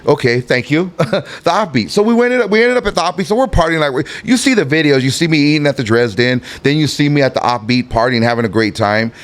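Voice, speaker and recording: A middle-aged man spins a long, animated story in a relaxed interview. His pitch leaps up and down as he acts out everyone else in the tale, and he swears freely along the way. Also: fast. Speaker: guest telling a story. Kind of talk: casual storytelling.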